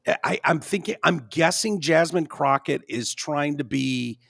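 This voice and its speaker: A man hosting a podcast in casual chat, halting with fillers and frequent throat-clearing. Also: on the high side, a bit bright, no echo, clean studio sound. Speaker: podcast host.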